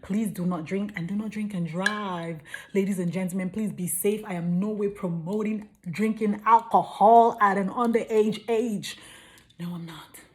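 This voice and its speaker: A young woman chatting casually into her phone's front camera, telling a story in a playful, animated way. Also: normal speed. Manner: animated and playful, jumps into high silly bursts.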